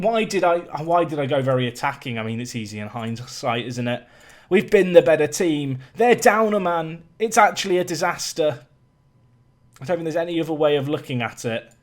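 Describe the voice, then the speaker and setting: A man giving casual, self-mocking commentary while playing a football management game, swinging from match calls to mock panic. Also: medium pitch. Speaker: gaming YouTuber. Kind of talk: casual Let's Play commentary.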